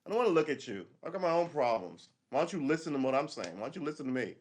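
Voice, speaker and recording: A man's voice: fairly high pitch, very animated, rapid-fire. A man hosting a livestream, delivering a casual, rambling monologue in a blunt, profane way. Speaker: livestream host.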